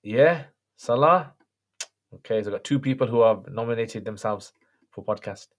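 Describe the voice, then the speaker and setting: A man hosting a livestream and answering viewer questions in a relaxed, chatty way. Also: medium pitch, normal speed. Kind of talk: casual chat.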